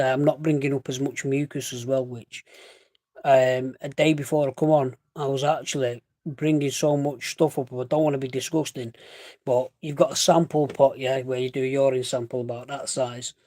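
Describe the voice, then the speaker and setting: A man's voice: mid-range voice, fairly even intonation, moderate pace, dark tone, dry recording, studio quality. A young man chatting casually, stopping now and then for a chesty cough and often calling the listener "mate". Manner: chatty, rambling, self-correcting, says "mate" often. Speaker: vlogger. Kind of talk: casual chat.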